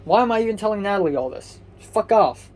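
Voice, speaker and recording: This young Hong Kong vlogger talks at a quick pace in a high, animated, slightly mellow voice. He rants angrily yet sleepily, swearing constantly, rambling, and restarting sentences out of exasperation.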